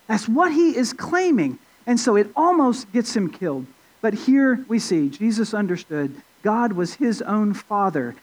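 Guy preaching a sermon, pretty high voice, chatty, lots of ums and restarts, gets louder to make a point. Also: poor audio. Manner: conversational, with frequent fillers and restarts; rises in pitch and volume for emphasis. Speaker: pastor. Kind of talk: expository sermon.

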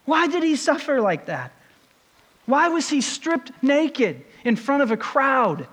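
High-voiced man preaching in a reverberant hall. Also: very animated, takes it slowly, a bit bright. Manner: rhetorical questions, building intensity. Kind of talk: sermon.

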